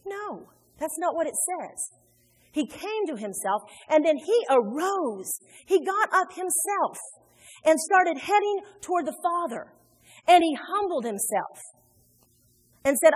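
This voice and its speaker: High-voiced woman preaching in a reverberant church. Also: lively intonation, normal speed, a little mellow, faint music behind. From Indiana. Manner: emphatic, acts out quoted voices. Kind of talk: sermon. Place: church sanctuary. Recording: long hall reverb.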